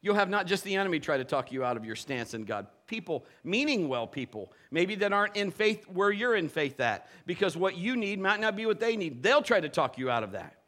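A man preaching a sermon, telling lively personal stories and acting out the voices of the people in them. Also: high-pitched, brisk, few pauses. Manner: animated storytelling, playful quoted voices. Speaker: pastor.

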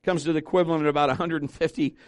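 Pastor guy preaching, lively and emphatic, bit high voice, dry close sound. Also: rapid-fire, clear, resonant tone, dry recording. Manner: animated preaching, drops softer for scripture reading. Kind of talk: sermon.

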